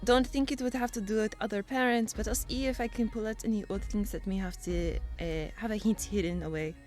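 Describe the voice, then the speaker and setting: A woman voicing a tiny female weasel who recites a letter haltingly in an attempted French accent, like a nervous child in front of a class. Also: medium pitch, steady tone, darkish tone, faint music behind, close to an everyday voice. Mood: earnest.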